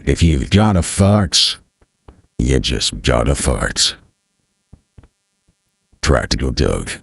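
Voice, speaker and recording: A man playing back a phone's text-to-speech voice, a deep, gravelly, robotic male drawl. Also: sing-song, takes it slowly, no room sound, exaggerated voice. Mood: deadpan.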